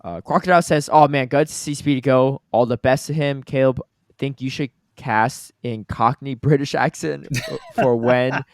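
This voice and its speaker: A man's voice: mid-range voice, normal speed, no room sound, clean studio sound. An American man co-hosting a casual podcast, reading out viewer comments and laughing easily. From United States. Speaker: podcast co-host.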